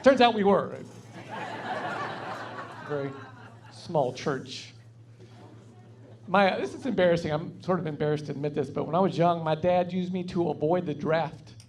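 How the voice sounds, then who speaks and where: A man's voice: on the high side, moderate pace, pauses often, some chatter behind, a little hiss or hum. A man with a Southern US accent from North Carolina doing a stand-up comedy set on a club stage, telling folksy, wry stories into a stage mic. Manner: folksy, wry storytelling delivery.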